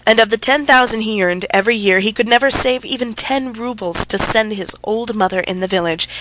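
Female audiobook narrator, steady even read of a classic story, faint noise behind. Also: medium pitch. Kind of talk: scripted narration.

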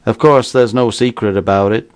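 Guy putting on a nervous ex-con, slangy, uneasy, low voice. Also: steady tone, normal speed, clean tone, dry recording, lightly acted. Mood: probing. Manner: uneasy, folksy drawl with slang. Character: shifty ex-convict man, nervous, talkative.

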